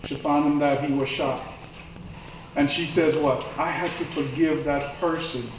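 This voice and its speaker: A fairly high-pitched man preaches in a church sanctuary, his conversational storytelling building to impassioned peaks. The recording picks him up from a distance in the echoey room, with a little hiss or hum.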